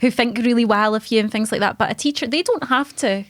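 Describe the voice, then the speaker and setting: A woman's voice: a little high, quick pace, a bit bright, no echo. A woman co-hosting an interview, reflecting enthusiastically in casual chat. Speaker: co-host.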